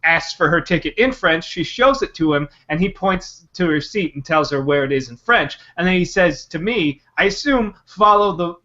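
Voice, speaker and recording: A man's voice: fairly high pitch, lively intonation, moderate pace, hardly any pauses, sharp tone, lo-fi sound. A man on a casual podcast telling a rambling family travel anecdote with many fillers. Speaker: podcast co-host. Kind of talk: casual chat.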